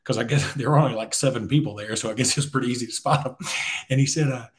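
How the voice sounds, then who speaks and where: A man's voice: medium pitch, fast talker. A man co-hosting a sports podcast, telling stories in an easygoing way and laughing along. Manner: relaxed storyteller, laughs through stories. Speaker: podcast co-host. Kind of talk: casual sports talk.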